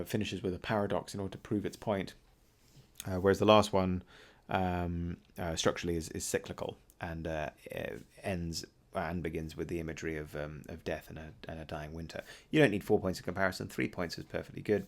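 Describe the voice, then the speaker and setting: A man teaching an English literature lesson, talking a class through a poem with frequent ums and uhs. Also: low voice. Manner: talks through a poem, reading lines aloud and pausing with ums and uhs. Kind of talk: recorded poetry lesson.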